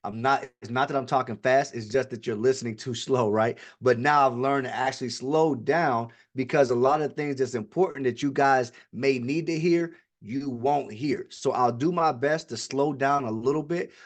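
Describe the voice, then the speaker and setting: A man hosting a live online presentation who talks quickly and eagerly, rolling from one money figure to the next like a seasoned salesman. His voice sits at an ordinary middle pitch, and he keeps pulling the audience in with repeated call-outs and quick check-ins. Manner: fast-talking, hype-driven salesman patter; repeats "ladies and gentlemen" and "all right". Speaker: webinar presenter.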